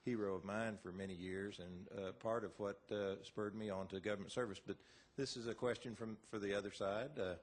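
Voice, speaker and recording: A man with a lowish voice asks a question from the audience at a debate. He speaks haltingly, stopping often with fillers. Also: fairly even intonation. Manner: hesitant, halting, many fillers.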